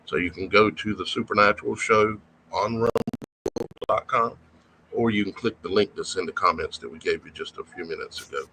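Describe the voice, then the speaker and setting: A man hosting a podcast, briskly explaining to viewers where the show is moving. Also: sits low, pushed and bright, slight background noise, low-quality recording. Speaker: podcast host. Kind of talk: casual show logistics.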